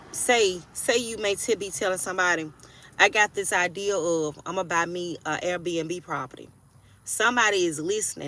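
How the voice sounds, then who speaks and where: A woman's voice: on the low side, fairly bright tone. Blunt, cussing woman in her forties. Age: 40s. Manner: blunt, profane, preachy, keeps asking "do you hear me?". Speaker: tarot reader. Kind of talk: casual tarot reading for a sign.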